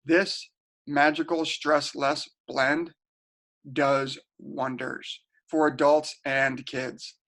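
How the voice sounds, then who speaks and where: A man's voice: on the high side, flat delivery, extremely slow, vocal fry, a bit bright. A middle-aged man giving a casual webinar talk, chatty and storytelling, often repeating and restarting words. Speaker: webinar presenter. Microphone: home webinar setup.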